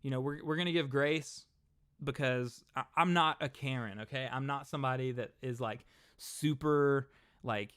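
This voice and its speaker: A man's voice: mid-range voice, moderate pace, a bit bright, clear, resonant tone, no room sound, clean studio sound. A young man hosting a casual livestream, chatting and rambling to his viewers. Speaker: host.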